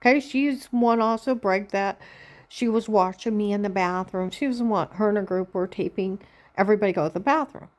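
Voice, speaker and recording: A woman vlogging in a rambling personal monologue, telling a long story plainly and slowly and often checking in with "Okay?". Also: medium pitch.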